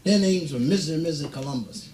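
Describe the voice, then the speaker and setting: A man doing stand-up comedy, telling a story with playful, deadpan asides and drawn-out punchlines. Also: on the high side, slight background noise. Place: stage before a live audience. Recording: roomy live stage recording, audience laughter.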